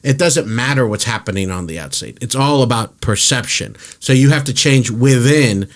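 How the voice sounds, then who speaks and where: A man's voice: mid-range voice, expressive, normal speed. A man hosting a podcast in casual chat, candid and blunt, swearing freely and laughing often. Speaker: podcast host.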